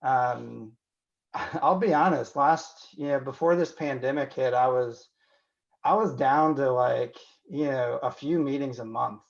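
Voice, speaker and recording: A physician from Indiana, USA, appears as a podcast guest, speaking reflectively and candidly in an interview. His mid-range voice has a gravelly edge, and he often pauses on "you know" and restarts sentences. The recording sounds dull and lo-fi.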